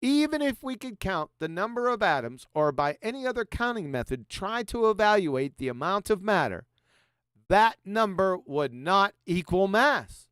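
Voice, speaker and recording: A combative, sarcastic man hosts a livestream, reading passages aloud and mocking them. His voice sits high and swoops animatedly, and it is recorded close and dry with no room sound. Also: sing-song, normal speed, a bit bright, clear, resonant tone, no echo. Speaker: host.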